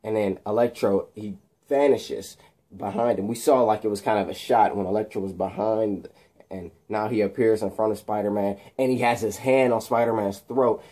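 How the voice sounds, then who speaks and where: Mellow, husky man rambling a story. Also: on the low side, steady tone, normal speed. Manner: rambling, many fillers and restarts. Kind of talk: casual retelling of a made-up film plot.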